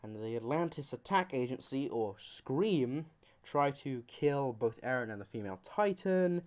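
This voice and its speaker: A man's voice: medium pitch, animated, unhurried. A man giving a comedic anime commentary, rambling and joking with goofy asides. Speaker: YouTuber.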